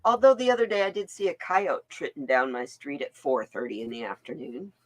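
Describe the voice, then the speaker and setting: A woman's voice: low-pitched, fairly quick, low-quality recording. An older woman hosting a live stream, chatting casually and acting out voices in her stories. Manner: animated storyteller, acts out voices in her anecdotes. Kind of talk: casual chat.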